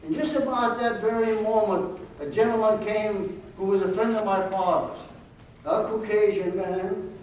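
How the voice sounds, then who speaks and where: An elderly man in his eighties tells his life story to a college audience, earnest and fond of repeated rhetorical questions. His voice sits high for a man. He is picked up from a distance in a very echoey auditorium, with a faint noise underneath. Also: fairly even intonation, measured pace, a little mellow. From United States. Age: 80s. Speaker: guest speaker. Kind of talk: personal storytelling talk.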